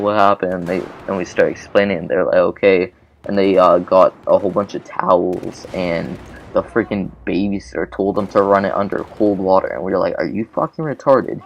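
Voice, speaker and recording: A man's voice: low voice, gravelly, slight background noise. A man hosting a gaming channel, telling a childhood story in a rambling, casual way with lots of swearing and fillers. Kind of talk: casual storytelling over gameplay.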